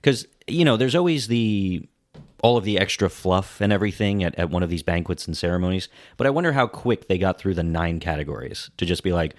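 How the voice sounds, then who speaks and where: A man's voice: deep voice, animated, a little fast, no room sound, studio quality. A man co-hosting a film-history podcast, chatty and musing, with plenty of casual filler. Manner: chatty, musing, lots of "like" and "you know". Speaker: podcast co-host.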